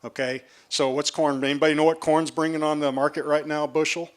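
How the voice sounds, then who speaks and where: A man's voice: a little high, little pitch movement, fast. A man moderating a panel at a festival, explaining prices and asking the audience questions in a conversational way. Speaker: panel moderator, seed production manager. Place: tent at an outdoor festival.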